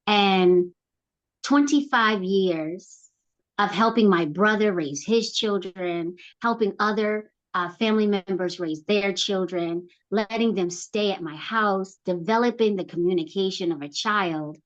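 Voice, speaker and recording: Middle-aged woman, interview guest, animated storyteller, acts out quotes, muffled lo-fi sound. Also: measured pace. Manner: animated storyteller who acts out quotes with big pitch jumps. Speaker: guest, program founder.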